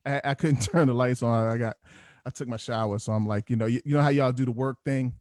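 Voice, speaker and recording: A man hosting a group video call, joking and chatty from a dark room at home. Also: medium pitch, fairly even intonation, quick pace, no room sound, clean studio sound. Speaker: host. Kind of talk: casual video call chat. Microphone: headphones on a video call.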